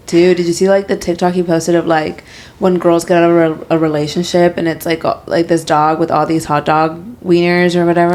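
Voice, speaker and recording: A woman with a slightly low-pitched voice, chatting as a podcast co-host. She gossips bluntly and swears freely in a casual, unscripted way. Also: fairly even intonation, normal speed, a little mellow. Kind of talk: casual chat.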